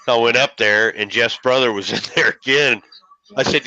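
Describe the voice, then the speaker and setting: A man's voice: mid-range voice, a little fast, pushed and bright, dry recording, lo-fi sound. A middle-aged man from Illinois, hosting and telling rambling, folksy stories with casual swearing. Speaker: show host. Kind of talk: casual storytelling.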